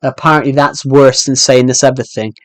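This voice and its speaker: A man's voice: mid-range voice, steady tone, fairly quick, no room sound. A young man live-streaming a game, rambling and joking as he answers chat messages. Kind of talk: casual live-stream chat while gaming.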